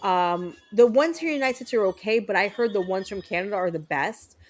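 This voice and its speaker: A woman's voice: mid-range voice, lively intonation, fairly quick, low-quality recording. A woman streamer chatting casually with her viewers while playing a video game, upbeat and full of ums. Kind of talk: casual chat while gaming.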